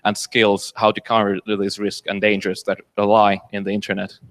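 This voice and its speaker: Low-voiced man asking a question. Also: monotone, normal speed, a bit bright. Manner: hesitant, many uh fillers, restarts. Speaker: audience member asking a question. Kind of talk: public lecture Q&A.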